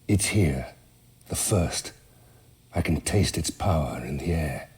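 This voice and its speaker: An actor playing a scheming male sorcerer villain in a video game, slow and gloating, sometimes dropping to a whisper. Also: rumbling low, animated, darkish tone, slightly rough, full character voice. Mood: hushed.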